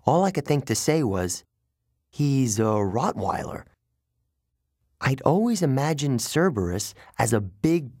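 A man narrating a first-person story as an audiobook reader, in an expressive storytelling manner. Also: lowish voice, no echo, clean studio sound.

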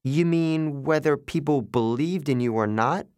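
An earnest, defensive young boy, voiced by a male narrator, answers in a raised, lighter pitch. The audiobook sound is dry and close. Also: unhurried, a little mellow, clear, resonant tone, no echo, lightly acted. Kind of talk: audiobook character voice.

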